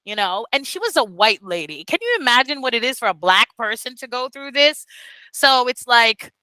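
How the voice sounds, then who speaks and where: A woman's voice: on the high side, big pitch swings, normal speed, bright, forceful tone, clear, resonant tone, no room sound, rough recording. A woman mentoring beginner teachers in a casual online session, speaking bluntly and emphatically, with profanity and Portuguese phrases mixed in. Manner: code-switches into Portuguese phrases. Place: Brazil.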